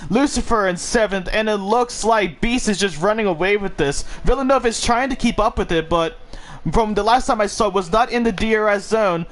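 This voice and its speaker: High bright excitable young-sounding race commentator man. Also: normal speed. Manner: excitable, gets swept up and laughs at busy moments. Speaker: sim racing commentator. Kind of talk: live esports race commentary.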